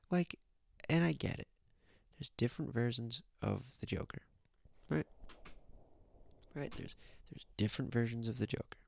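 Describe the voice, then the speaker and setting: A man's voice: mid-range voice, unhurried, vocal fry, long pauses, a little mellow, dry recording. A young man streaming, ranting casually into his own mic, swearing, repeating himself and dropping into whispers. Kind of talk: casual rant to chat. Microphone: own desk mic.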